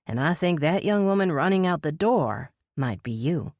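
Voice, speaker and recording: A woman's voice: moderate pace, no echo, studio quality. A woman voicing a determined female police officer in an audiobook, speaking earnestly and soothingly. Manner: earnest, steady, low and soothing.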